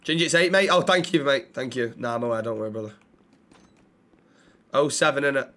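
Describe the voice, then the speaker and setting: A man streaming a role-play game, swearing constantly and rattling off quick thanks to viewers. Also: medium pitch, sharp tone. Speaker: livestreamer. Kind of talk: live gameplay commentary and role-play.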